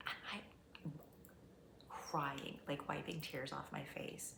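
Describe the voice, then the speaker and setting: A middle-aged woman vlogging casually, chatty and candid, often dropping into soft near-whispers. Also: low-pitched, a little slow, vocal fry. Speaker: vlogger, fitness competitor. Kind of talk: casual vlog talk to camera. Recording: echoey room, faint background noise.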